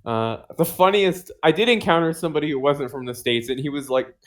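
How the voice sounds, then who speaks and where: A man's voice: fairly high pitch, a little fast. Rambling, swearing young podcast guy. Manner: rambling, lots of fillers and swearing, laughs often. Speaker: podcast co-host. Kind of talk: casual podcast chat.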